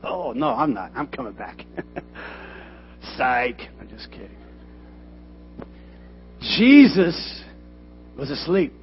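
A man preaching a sermon in a church, animated and joking, with loud emphatic bursts. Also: mid-range voice, takes it slowly, creaky, pauses often, slight background noise. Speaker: pastor. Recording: dull lo-fi sermon recording with faint music.

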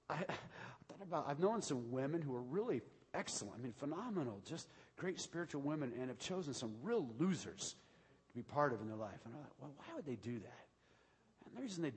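A man preaching a sermon as pastor, going from hushed talk to shouted preaching in a large church. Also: mid-range voice, slightly rough. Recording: long hall reverb.

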